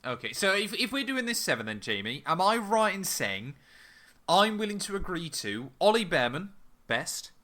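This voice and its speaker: A man co-hosting a casual chat podcast. His speech is lively and swoops around, with a bright, forward tone. He chats with playful, animated asides. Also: sits high, moderate pace. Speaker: podcast co-host.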